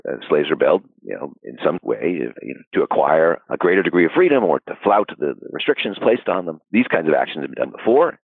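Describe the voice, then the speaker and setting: A man with a very deep, gravelly voice and a husky edge answers in a podcast interview. He talks in a thoughtful, discursive way, stacking "you know" as he goes. The sound is dry and thin, like a phone line. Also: dry recording. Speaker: historian guest. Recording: dry, phone-like call audio.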